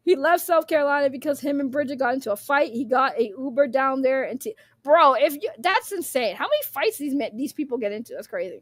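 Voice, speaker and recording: A woman's voice: high voice, animated, fast talker, hardly any pauses, no echo, studio quality. A young woman, rambling bluntly in casual livestream commentary, laughing often and swearing freely.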